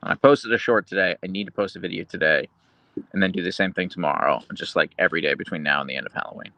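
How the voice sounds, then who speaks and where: A man hosting a casual livestream, reading viewer comments aloud and chatting about his dogs, slipping into a high cooing voice for his pet. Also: fast, gravelly, pushed and bright, dry recording. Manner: goes high and cooing when talking to his dog. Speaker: livestream host.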